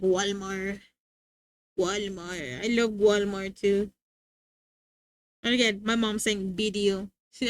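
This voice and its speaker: A woman's voice: a little high, a bit bright, no echo. Giggly, rambling young woman streamer. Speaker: livestreamer. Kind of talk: casual chat with viewers.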